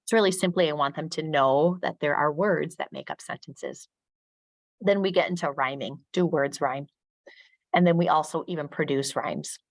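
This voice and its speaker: A middle-aged woman with a low voice leads a training talk for teachers, recorded dry and close. She sounds out phonemes slowly and crisply, and her voice climbs when she acts out questions to a class. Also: no echo. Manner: models speech sounds slowly and crisply, rising when addressing pupils. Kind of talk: professional development talk for teachers.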